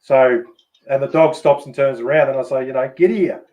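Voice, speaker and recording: A man with an Australian accent chatting casually as host, relaxed and swearing freely. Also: mid-range voice, fairly quick, highs cut off. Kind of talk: casual chat.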